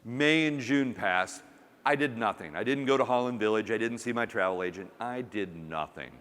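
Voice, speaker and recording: A man's voice: fairly low pitch, normal speed, fairly bright tone. A man giving a humorous keynote talk at a conference, telling a story with acted-out quotes. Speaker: conference speaker. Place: conference hall. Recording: long hall reverb.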